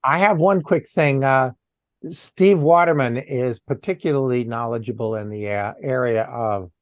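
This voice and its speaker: Boston guy presenting on a video call, explains stuff slow and spells it out, dry sound. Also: mid-range voice, no room sound. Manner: explanatory, spells out terms letter by letter. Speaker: guest presenter on antenna law.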